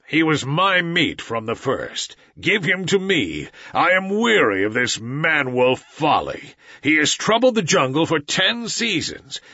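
A man's voice: on the high side, bright, forceful tone, breathy edge, no echo, exaggerated voice. A man voicing a vicious male tiger who roars and sneers, in a slightly dull recording. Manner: roaring, sneering.

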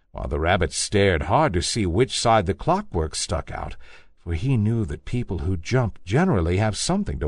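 Male storybook reader, gentle and very expressive in his melody, dry close sound. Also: sits low, no echo. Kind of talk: storybook read-aloud.

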